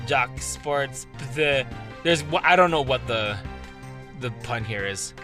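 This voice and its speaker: A man's voice: mid-range voice, moderate pace, bright, forceful tone, soft background music. A young man casually commenting on a game with slangy, joking asides. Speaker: gaming channel host.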